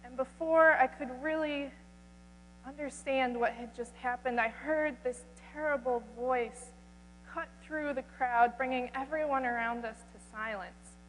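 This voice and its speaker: A woman voicing a humble, desperate outcast woman who tells her own story slowly and earnestly, breaking off and starting lines again. Her voice sits a little high and carries a long hall reverb over a faint electrical hum. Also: steady tone, a bit bright. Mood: awed. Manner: earnest first-person storytelling, halting restarts. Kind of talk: dramatic first-person retelling.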